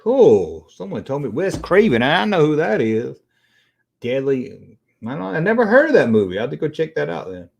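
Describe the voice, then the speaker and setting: Animated, swearing middle-aged man. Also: fairly high pitch, normal speed, vocal fry, a little hiss or hum. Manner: animated and profane, rambling between tangents. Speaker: livestream host. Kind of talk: casual livestream chat, answering viewers.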